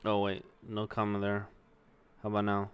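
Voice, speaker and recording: A man's voice: fairly low pitch, monotone, normal speed, clean tone, lo-fi sound. A man streaming himself as he learns to code, thinking aloud and muttering to himself. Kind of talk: casual livestream, thinking aloud.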